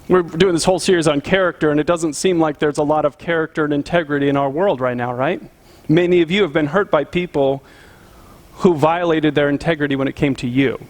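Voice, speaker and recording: A man preaching a sermon as a pastor, telling stories in a relaxed, conversational way. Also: a little high. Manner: conversational storytelling, chuckling.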